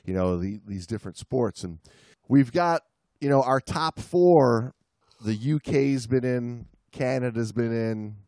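A man's voice: mid-range voice, a little slow, warm tone, no room sound, clean studio sound. A man co-hosting a casual podcast, rambling with many fillers and restarts. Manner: rambling, lots of you-knows, mock accents for laughs. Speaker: podcast co-host. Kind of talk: casual chat.

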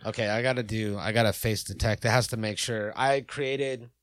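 A man's voice: fairly low pitch, fairly even intonation, moderate pace, no echo. Male podcast host, casual and rambling, dry close sound. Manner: rambling, self-interrupting, easygoing. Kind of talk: casual chat.

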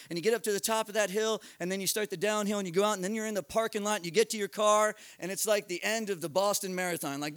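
A middle-aged American man telling a comic story at a live storytelling night, animated, profane and self-mocking, building tension with quick run-on narration. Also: high voice, clean tone, no room sound, studio quality. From United States. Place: live storytelling event at a bar.

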